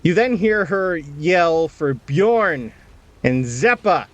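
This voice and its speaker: A man narrating as game master of a tabletop game, explaining rules in a relaxed way with fillers. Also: fairly high pitch, slow, muffled recording.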